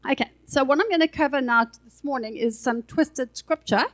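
A woman with a high voice delivers a sermon. She keeps it conversational, full of asides and everyday filler words. She speaks into a handheld microphone in a church. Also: fairly quick, low-quality recording. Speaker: preacher.

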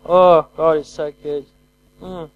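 High-voiced energetic male preacher. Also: slow pace, no echo, phone-quality sound. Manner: energetic call-and-response preaching; swings from loud to quiet. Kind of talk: sermon.

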